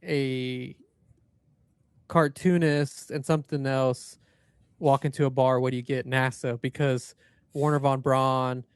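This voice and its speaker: A man's voice: medium pitch, level tone, takes it slowly, smooth, no room sound, studio quality. A man co-hosting a paranormal podcast, chatting casually and rambling through loose asides. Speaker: podcast co-host. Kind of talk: casual chat.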